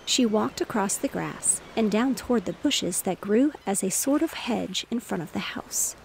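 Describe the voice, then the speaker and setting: A woman narrating a bedtime story in a gentle, steady reading voice. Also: medium pitch, moderate pace, creaky, slight background noise. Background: faint waves.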